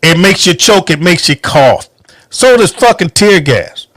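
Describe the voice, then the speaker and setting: Speaking from home, a US podcast host launches into a heated political monologue full of profanity and emphasis. The clean studio sound has no room tone, and his high-pitched, slightly bright voice has lively intonation at a measured pace.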